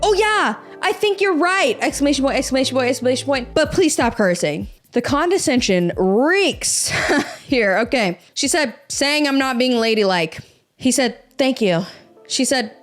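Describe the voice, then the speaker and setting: A young woman with a high voice reads posts aloud on her podcast and tears into them. She is sarcastic and profane, with quick asides in casual chat. Soft music runs faintly underneath. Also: expressive. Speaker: podcast host.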